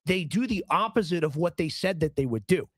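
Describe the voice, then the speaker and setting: A hoarse man hosting a live political stream, ranting in a rambling, heated way and often repeating his words. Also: a little high, expressive, a little fast, no echo. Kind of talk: casual ranting commentary stream.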